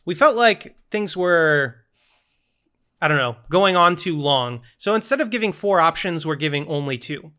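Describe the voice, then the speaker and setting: A man's voice: on the high side, lively intonation, normal speed, sharp tone, clean tone. A man co-hosting a casual podcast, playfully reading out quiz options and running the game segments.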